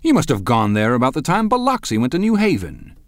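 A man's voice: fairly low pitch, very animated, moderate pace, no room sound, studio quality, voice pushed up. A man reading an audiobook, playing a blunt, impatient wealthy young man with a curt, needling delivery.

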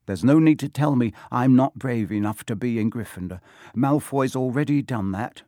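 A man's voice: medium pitch, normal speed, dark tone, no echo, clean studio sound, close to an everyday voice. A man reading an audiobook, voicing a timid young schoolboy who speaks shakily and hesitantly. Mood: hurt. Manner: shaky, hesitant.

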